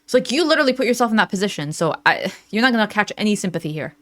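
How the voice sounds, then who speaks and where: A young woman giving casual reaction commentary in a blunt, sarcastic, animated way. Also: mid-range voice, rapid-fire.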